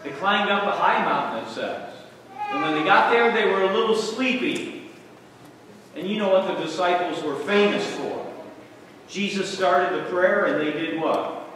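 A man's voice: sits high, moderate pace, fairly bright tone. A man, a pastor, preaching a sermon and asking his congregation questions as he dramatizes the story. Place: church hall. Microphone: camera microphone. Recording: echoey hall from far off, faint noise.

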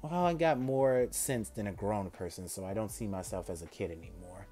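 Man reading a calm eight-year-old demon boy: quiet, measured, confident. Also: breathy edge, soft background music. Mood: cool. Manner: calm, low, measured delivery.

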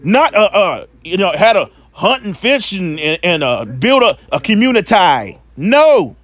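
High, lively-voiced man preaching. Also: a little slow, no echo. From Western North Carolina. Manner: preachy, scornful, repeats words and stumbles. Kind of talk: informal preaching and scripture reading.

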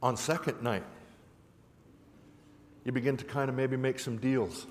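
A man giving a public talk in a folksy, gently humorous way, with a rhythmic, repetitive storytelling cadence. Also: mid-range voice, moderate pace, long pauses. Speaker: symposium speaker. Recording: reverberant hall with faint background noise.

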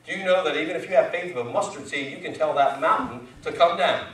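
Male pastor, high voice, chatty sermon style, echoey sanctuary recording. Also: fast, a bit bright. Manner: conversational, folksy, with rising emphatic questions. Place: church sanctuary. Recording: echoey church from far off.

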